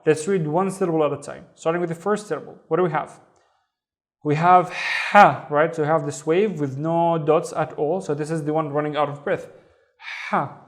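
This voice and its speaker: Male language teacher with a slightly raised pitch, patient and deliberate, stretching out each sound for beginners. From Saudi Arabia. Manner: patient, drawn-out syllable sounding. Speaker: Arabic teacher. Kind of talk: reading lesson.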